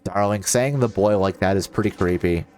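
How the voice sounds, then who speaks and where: Low-voiced joking man streaming a game. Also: normal speed, darkish tone. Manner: joking, reads documents aloud. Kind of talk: casual gameplay commentary.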